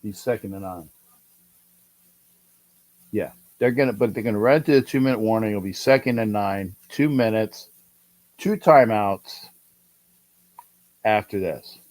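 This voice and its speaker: A middle-aged man hosting a livestream, calling a football game and answering chat, excitable and repeating himself as he urges his team on. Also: fairly low pitch, unhurried, pauses often. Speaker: livestream host. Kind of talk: live game-watch commentary with chat.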